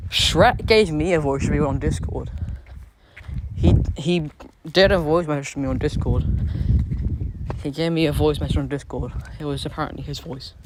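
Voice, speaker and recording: A man's voice: fairly high pitch, background noise. A British man chatting casually on a live stream, rambling and repeating himself with lots of fillers, talking into his phone outside on a street. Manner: rambling, repeats phrases, many fillers and restarts. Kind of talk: casual live-stream chat answering viewers. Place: outdoors on a street.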